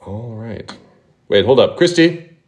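A man hosting a prank call livestream, talking quickly and offhandedly with some swearing. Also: medium pitch, animated, a little mellow. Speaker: prank call streamer host. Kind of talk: casual livestream chat.

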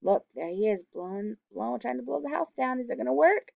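Woman, teacher, storybook read-aloud, animated, asks children questions, fairly high voice, dull lo-fi recording. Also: brisk, vocal fry, few pauses, dry recording.

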